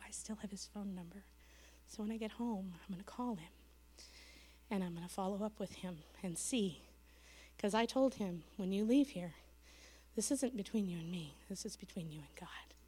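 A woman missionary giving an earnest church testimony, telling a story in a sanctuary. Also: mid-range voice. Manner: earnest storytelling, quoting others, dropping to a hush at the end. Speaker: missionary speaker.

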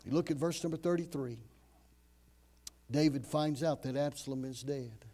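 A man preaching a sermon dramatically, rising to loud emphasis and dropping to hushed, low phrases. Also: normal speed.

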